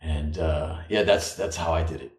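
A man co-hosting a podcast, talking in a casual, reflective way with drawn-out phrases. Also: rumbling low, steady tone. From United States. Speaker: podcast co-host. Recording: echoey room.

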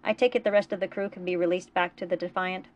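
A woman voicing a tired, formal male starship captain speaking in a measured way. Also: on the low side, fairly even intonation, darkish tone, lightly acted.

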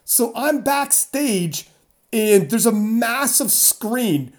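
A woman strongman athlete from North America, telling a story in a casual interview, animated and rambling with fillers. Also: fairly high pitch, extremely slow.

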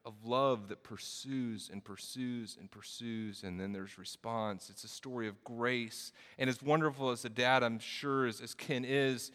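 A man preaches in a reverberant sanctuary. His voice is bright, smooth and resonant. He moves from quiet storytelling into emphatic, rising preaching. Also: mid-range voice. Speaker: pastor. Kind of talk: sermon.

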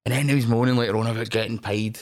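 A middle-aged man with a Scottish accent telling animated, sweary anecdotes in a casual chat. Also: mid-range voice, racing. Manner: animated, swears freely, acts out voices in anecdotes. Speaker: wrestling promotion owner, podcast guest.

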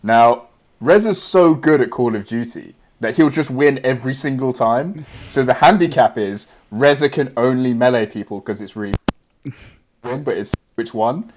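A man's voice: mid-range voice, moderate pace. A man chatting on a podcast, explaining things and teasing his friends. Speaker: podcast co-host. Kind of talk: casual chat.

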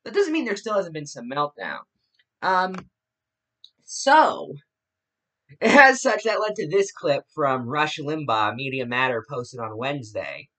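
A woman's voice: deep voice, very animated, takes it slowly, fairly bright tone. A woman giving casual political commentary in a blunt, sarcastic way.

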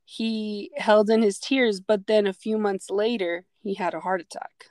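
A woman in her early twenties hosts a podcast, reflectively and conversationally sharing personal memories with frequent fillers. Her voice is medium-pitched, steady, and a little mellow, at a measured pace, recorded with no echo.

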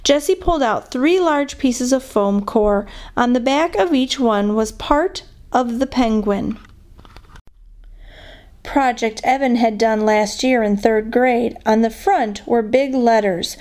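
Female guest reader for a kids' chapter book; fairly high, expressive storytelling voice. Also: unhurried. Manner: expressive, lifts her voice for the characters' lines. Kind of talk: reading a children's chapter book aloud.

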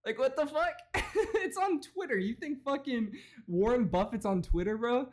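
This man has a very high voice and speaks at a moderate pace. Hosting a comedy podcast, he swears constantly, mocks freely, and breaks into laughter often during his rants.

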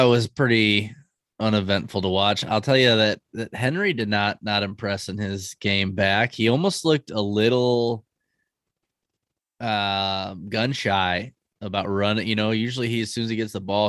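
A man co-hosting a casual sports podcast, giving relaxed, measured takes. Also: lowish voice, no echo, clean studio sound. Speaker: podcast co-host.

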